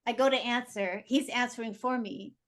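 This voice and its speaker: A woman guest chatting in an interview with a somewhat high voice. She tells her stories with energy and slips into the voices of the people in them. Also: moderate pace. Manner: animated, acts out dialogue in her stories. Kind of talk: casual conversational storytelling.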